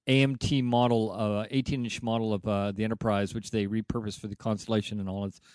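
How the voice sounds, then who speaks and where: Speaking fast in a fairly low, clear, resonant voice, this podcast co-host recounts a TV episode in casual conversation. He hums along with the music cues and performs the characters' lines with animation, with no room sound in the recording.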